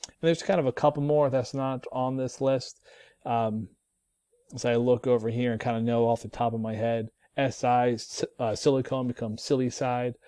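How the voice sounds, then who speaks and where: A relaxed man walks through a chemistry lesson, often pausing with ums and starting lines over. His voice is mellow and dark. It is recorded close up and dry, with no room sound. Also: mid-range voice, clear, resonant tone, no room sound. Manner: relaxed, thinking aloud with many ums and restarts. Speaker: chemistry teacher.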